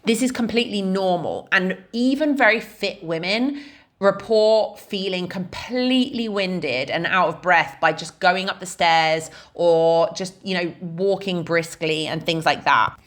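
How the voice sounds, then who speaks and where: Chatty woman fitness coach, low voice. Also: unhurried, a bit bright. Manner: chatty, frequent "like" and "right?" fillers. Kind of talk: casual explanatory talk.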